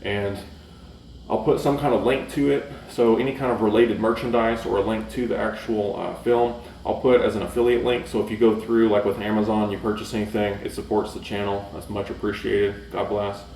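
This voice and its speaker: Casual movie-review vlogger, man, low voice, filler-heavy rambling, recorded off-mic in an echoey room. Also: level tone, brisk, darkish tone, a little hiss or hum. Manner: rambling, many fillers and restarts. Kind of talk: casual chat. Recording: roomy echo, mic at a distance.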